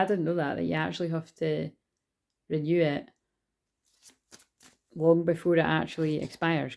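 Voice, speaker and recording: Scottish woman, card reader, casual rambling talk, gravelly, mellow. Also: low voice. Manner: rambling, chatty, swears casually. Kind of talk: casual card-reading vlog.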